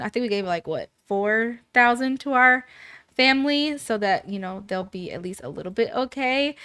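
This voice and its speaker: Animated woman narrating a life-sim game. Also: a little high, smooth, dry recording. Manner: animated, retells scenes with "she's like" and acted quotes. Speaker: gameplay narrator. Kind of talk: casual let's play commentary.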